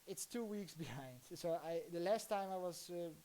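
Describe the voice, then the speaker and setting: A woman's voice: lowish voice, lively intonation, warm tone, slight background noise. A woman with a Dutch accent, thinking aloud as she chats casually on her live stream. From Netherlands. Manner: rambling, thinking aloud, halting restarts. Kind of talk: casual live-stream commentary while working on a computer.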